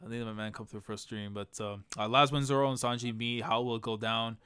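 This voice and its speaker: A man's voice: mid-range voice, fairly even intonation, fast, sharp tone, clear, resonant tone. A man hosting a casual live stream, laughing often and reading chat comments aloud. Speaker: stream host.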